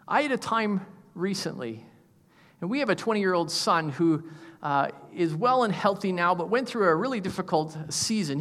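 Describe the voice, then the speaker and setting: Animated man preaching in a reverberant hall. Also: high-pitched. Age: 50s. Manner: animated, emphatic preaching with rhetorical questions. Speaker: pastor. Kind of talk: sermon. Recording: long reverb of a large hall.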